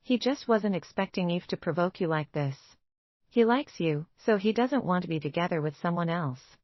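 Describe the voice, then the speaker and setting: A woman reading the lines of a young man's friend who pleads and explains, in her own low voice on a dull recording. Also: animated, normal speed, dry recording, natural voice. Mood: pleading. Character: placating young man, a friend.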